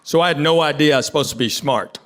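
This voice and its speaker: A man's voice: a little high, fast, fairly bright tone. A middle-aged man from Tennessee, doing an easygoing stand-up comedy set and bantering with the audience on stage. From Knoxville, Tennessee. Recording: live show with audience noise.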